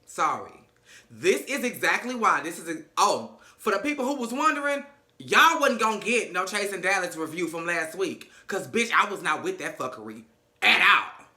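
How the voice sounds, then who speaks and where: Brief: high-voiced sassy male vlogger cursing through gossip, in a roomy echo. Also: sing-song, moderate pace, bright, forceful tone. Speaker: reality TV recap vlogger. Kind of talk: casual commentary. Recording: echoey room.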